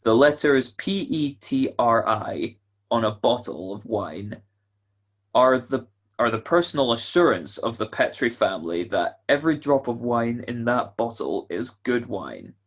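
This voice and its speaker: A man playing a husky, folksy radio announcer. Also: mid-range voice, sing-song, measured pace. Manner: folksy, salesman-like patter. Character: jovial male radio show announcer. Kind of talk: 1940s radio acting.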